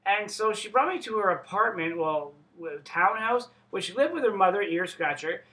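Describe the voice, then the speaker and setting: Guy rambling thru a story, swears a lot, keeps cutting himself off, bright punchy voice. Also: high-pitched, expressive, normal speed, low-quality recording. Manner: rambling, profane, self-interrupting. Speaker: vlogger telling a personal story. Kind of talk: casual storytelling monologue.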